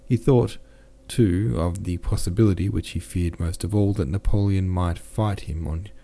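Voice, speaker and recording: A man's voice: deep voice, normal speed, mellow, slight background noise. A man hosting a podcast, reading a classic novel aloud with plain delivery and casual self-corrections and asides. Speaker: podcast host and audiobook reader.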